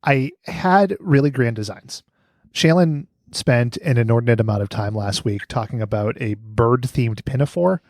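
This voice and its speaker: A man's voice: medium pitch, normal speed, darkish tone, no echo, clean studio sound. A man co-hosting a podcast, chatting casually, rambling and joking, swearing freely. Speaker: podcast co-host. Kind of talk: casual chat.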